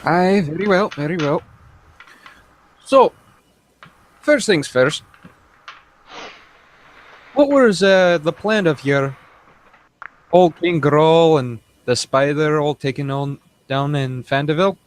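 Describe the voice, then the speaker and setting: A man voicing a talkative male dwarf adventurer, loud and folksy with dropped grammar. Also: takes it slowly, long pauses, slight background noise. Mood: brisk. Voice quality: rough folksy speech, drops grammar. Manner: loud and raised in pitch.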